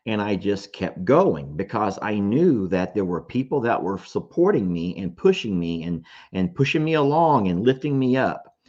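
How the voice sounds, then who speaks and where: A man's voice: fairly low pitch, big pitch swings, normal speed, few pauses, a little mellow, lo-fi sound. A man telling a story to his audience in casual chat, emotional and self-deprecating.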